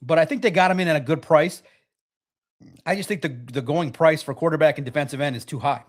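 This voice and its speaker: A man's voice: on the high side, quick pace. A man hosting a football talk show, chatting casually and joking as he gives his takes. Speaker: sports talk show host. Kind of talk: casual sports commentary.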